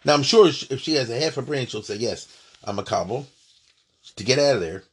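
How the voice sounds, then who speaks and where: A man teaching Jewish law in a lively lesson, reading from a text and explaining it with jokes and rhetorical questions. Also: fast talker. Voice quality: husky. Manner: joking, rhetorical questions, big swings in pitch and loudness.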